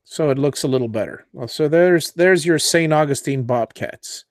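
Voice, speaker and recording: A man hosting a live CNC tutorial, walking viewers through design software while thinking aloud, with fillers and self-corrections. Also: a little high, normal speed, no echo. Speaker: host of a CNC woodworking show.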